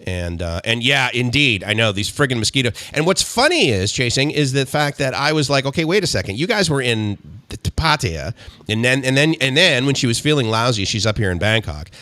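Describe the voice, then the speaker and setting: A man with a bright, forceful tone hosts a casual live-stream chat, upbeat and joking while he moves the talk along. His voice sits in a middle range and is recorded dry and close. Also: medium pitch, big pitch swings, brisk, no echo. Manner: upbeat, joking, steering the conversation.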